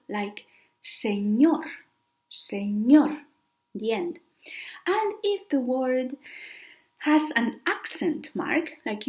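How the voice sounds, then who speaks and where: Slow-speaking woman language teacher. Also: on the high side, darkish tone, rough recording. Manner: careful, repeats example words slowly. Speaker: Spanish teacher. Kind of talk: beginner language lesson.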